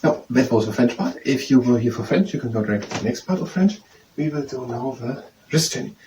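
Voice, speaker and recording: A man reading aloud from a study text and practicing phrases, slow and hesitant, repeating words to get them right. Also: mid-range voice, animated. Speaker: self-study video host. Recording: roomy echo from a distant mic with faint noise.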